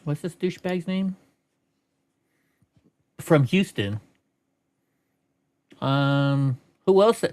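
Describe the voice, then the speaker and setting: A man's voice: fairly high pitch, very slow, pauses often, darkish tone, clean tone. Rambling profane man streaming. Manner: rambling, profane, laughs a lot. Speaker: streamer host. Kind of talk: casual live-stream chat.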